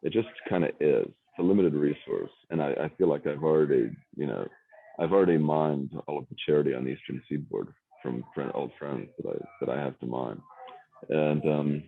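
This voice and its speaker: A man with an extremely deep, gravelly voice, rambling and restarting as he searches for his words in casual conversation. The sound is dry and tinny, like a phone line. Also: a little fast, a little hiss or hum.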